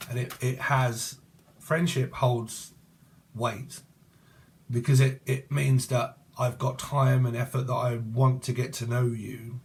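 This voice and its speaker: A man's voice: medium pitch, a little hiss or hum. A man in his forties giving a rambling tarot reading, crude and jokey, swearing as he digresses. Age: 40s. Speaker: tarot reader.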